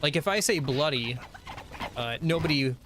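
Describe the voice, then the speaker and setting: A man's voice: a little high, expressive, normal speed, noisy background. An American man giving casual, wry commentary while streaming a video game.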